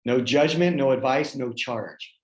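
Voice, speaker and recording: A man's voice: medium pitch, unhurried, darkish tone. A man hosting a chat, telling a personal story in an earnest, heartfelt way with lots of fillers. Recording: roomy echo.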